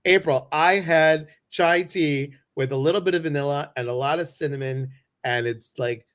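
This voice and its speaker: A man's voice: a little high, normal speed, a bit bright. A man hosting a casual livestream chat, bubbly and sassy, greeting viewers by name. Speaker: livestream host.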